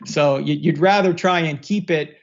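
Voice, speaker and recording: A man hosting a casual livestream Q&A with callers, relaxed and joking, often repeating words as he goes. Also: fairly high pitch, moderate pace, lo-fi sound. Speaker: host.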